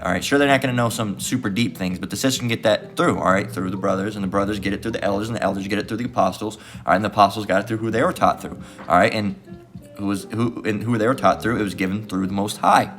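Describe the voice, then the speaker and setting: A man's voice: lowish voice, fairly bright tone. Profane, fired-up male preacher. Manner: heated and profane, repeating "all right" constantly; mocking voices of opponents. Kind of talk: street-style religious teaching.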